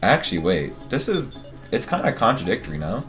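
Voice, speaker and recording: Man, game streamer, casual commentary, joking asides, lively swooping pitch, faint music underneath. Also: fairly quick. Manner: joking, muttering asides to viewers.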